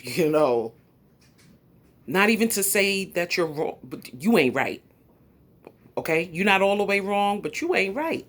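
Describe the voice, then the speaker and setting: A woman's voice: low-pitched, husky. A woman with a New York accent giving a sassy, confrontational livestream commentary. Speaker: YouTube commentator.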